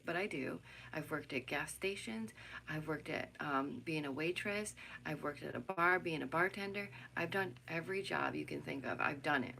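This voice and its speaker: A woman's voice: fairly low pitch, gravelly. A young American woman vlogging, talking casually and animatedly to her viewers, venting and laughing. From United States. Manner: animated, ranting, frequent laughs and "right?". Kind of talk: casual opinion chat to camera.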